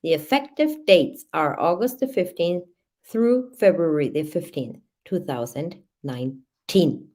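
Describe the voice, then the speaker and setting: Host type: unhurried woman with a lowish voice, reads records and muses aloud between them. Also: animated, darkish tone. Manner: reads timeline aloud with hesitant asides and fillers. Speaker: true crime channel host. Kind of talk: reading and commenting on case records.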